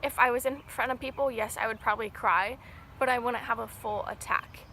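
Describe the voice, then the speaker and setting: A woman's voice: a little high, steady tone, brisk, bright, forceful tone, slight background noise. A young adult woman telling a personal story in an earnest, rambling, emotional way, straight to camera. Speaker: vlogger.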